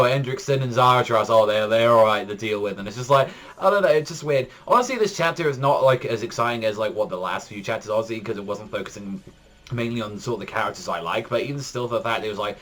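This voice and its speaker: A man giving a casual spoken manga chapter review, rambling with constant fillers and jumping up in pitch when excited. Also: fast talker. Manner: rambling, heavy use of "like", frequent restarts.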